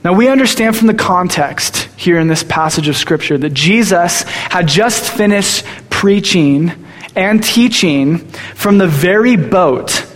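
A young man preaching a sermon, telling stories in an animated way. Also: high voice, a little slow. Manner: storytelling, animated. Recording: long hall reverb.

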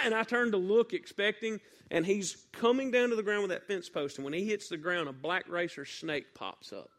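Southern preacher guy, mississippi accent, kinda high bright voice, tells stories loud and folksy. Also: normal speed, hardly any pauses. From northeast Mississippi. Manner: folksy, animated storytelling with sudden loud bursts. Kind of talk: sermon with personal storytelling.

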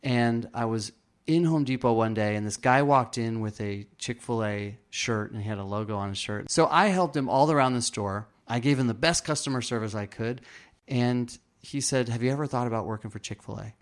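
An earnest man sits for an interview and tells a personal story at an ordinary pitch. He slips into the other people's lines as he quotes them, and he often stops and starts his sentences over. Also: a little fast. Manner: earnest, acts out quoted dialogue; frequent restarts and fillers. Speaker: interview guest.

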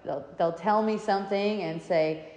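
A woman's voice: medium pitch, normal speed, a little mellow. A woman telling stories in a casual talk, meandering and often breaking into laughter. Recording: echoey room with long reverb.

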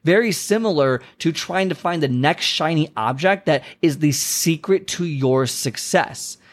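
A man's voice: on the high side, lively intonation, unhurried. A young adult man hosting a solo motivational podcast, talking casually and conversationally. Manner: casual, conversational, acts out little dialogues. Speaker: podcast host.

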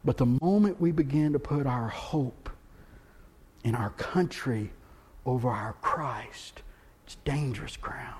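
A pastor from the United States preaching a sermon in a church, moving between quiet, earnest stretches and loud, impassioned ones. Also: male voice, mid-range voice, slow pace, slightly rough. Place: church sanctuary.

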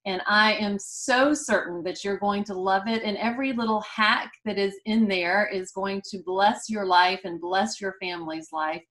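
A woman's voice: medium pitch, normal speed, few pauses, a bit bright. A woman hosting a podcast, effusive and encouraging, full of praise for her guest. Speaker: podcast host. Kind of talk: casual interview chat.

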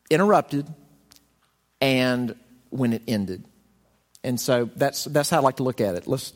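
A male pastor with a medium-pitched voice speaks in a large hall, giving a conversational sermon. He tells his stories with expression and dramatizes the words he quotes.

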